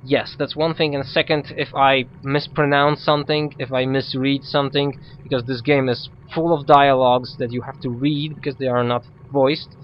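A man's voice: medium pitch, flat delivery, normal speed, few pauses, muffled recording, slight background noise. A man who is not a native English speaker, hosting a casual let's play and hesitantly talking through the game while reading its text aloud. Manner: hesitant, many fillers and restarts, reads on-screen text aloud. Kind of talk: casual gameplay commentary.

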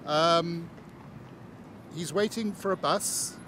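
A high-voiced man answers a street interviewer outdoors, easygoing and thinking aloud as he goes. Faint street noise sits behind him. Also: takes it slowly. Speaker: passer-by.

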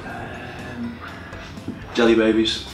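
A man's voice: mid-range voice, completely flat delivery, very slow. A young man, a rugby player, answering interview questions hesitantly with lots of ums. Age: young adult. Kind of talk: casual interview chat. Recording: echoey room, distant mic, music behind.

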